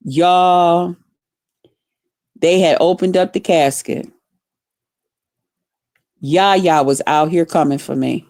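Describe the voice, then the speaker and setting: A woman vlogger telling a story in a profane, animated, dramatic way, casual and blunt. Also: fairly low pitch, slow, pauses often, dry recording, studio quality.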